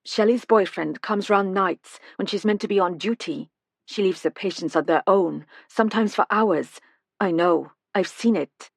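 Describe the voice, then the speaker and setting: A woman narrator voicing an earnest young female nursing apprentice who speaks quickly and urgently. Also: mid-range voice, creaky, no echo, studio quality. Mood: indignant.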